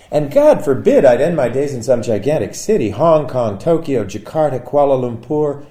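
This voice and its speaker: A man reads his own poem aloud in a wry, musing voice that breaks into sudden loud outbursts. His voice sits low and sounds dark and mellow, with lively swings in pitch. The room around him is echoey. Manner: wry, musing delivery with sudden bursts of loudness. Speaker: poet. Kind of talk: poetry reading.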